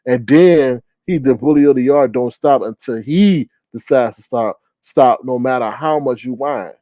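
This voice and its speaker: A man in a casual livestream, giving animated, slangy commentary and often mimicking others in high voices. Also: a little slow, dry recording.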